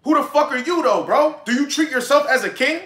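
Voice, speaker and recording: A man's voice: very high voice, expressive, a little fast, a bit bright, reverberant. A young man giving brash, profane dating advice in a casual livestream monologue.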